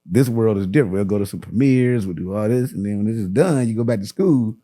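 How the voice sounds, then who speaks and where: Male comedian guest, warm mellow voice, relaxed slangy chatter. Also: fairly low pitch, fast. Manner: laid-back, slangy, rambling with lots of "you know what I'm saying". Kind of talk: casual sit-down chat.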